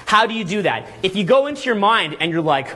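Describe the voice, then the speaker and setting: A man leads a live group seminar in a high, bright voice with a husky, slightly raspy grain. He talks with lively energy, keeps checking in with his listeners, and slips into quick acted-out scenes to make his points. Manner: energetic, peppers talk with "okay?" and "all right?"; acts out little scenes in quick put-on voices. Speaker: dating coach and boot camp instructor.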